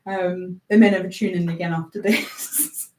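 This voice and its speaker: A woman's voice: fairly low pitch, steady tone, normal speed, warm tone, far from the mic, a little hiss or hum. Chatty giggly woman radio presenter. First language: Afrikaans. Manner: chatty, giggly, self-deprecating. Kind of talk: casual live radio chat. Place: small radio studio. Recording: roomy sound from off-mic.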